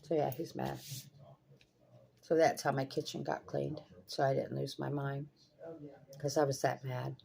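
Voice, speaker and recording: A woman's voice: extremely low pitch, little pitch movement, measured pace, vocal fry, pauses often, dark tone, a little hiss or hum. An older woman vlogging casually from her home kitchen, blunt and swearing freely as she rants in exasperation. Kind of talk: casual vlog chat. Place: home kitchen by pool windows.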